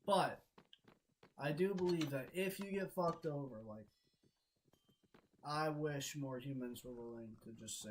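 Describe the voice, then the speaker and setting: A man's voice: fairly high pitch, measured pace, pauses often, a little hiss or hum, low-quality recording. A young man streaming a game, telling a frustrated story in a casual, swear-heavy rant. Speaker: gaming streamer. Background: background music.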